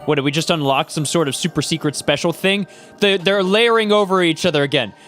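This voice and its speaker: A man commenting on a game in a relaxed, amused way. His voice is a little high, and faint game music plays underneath. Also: a little fast. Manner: casual, amused asides. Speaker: game player. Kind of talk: let's play commentary.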